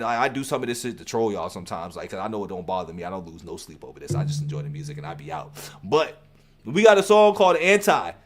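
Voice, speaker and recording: A man hosting a music reaction channel, talking in an animated, profane, emphatic way and repeating his phrases. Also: medium pitch. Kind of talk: casual music reaction commentary.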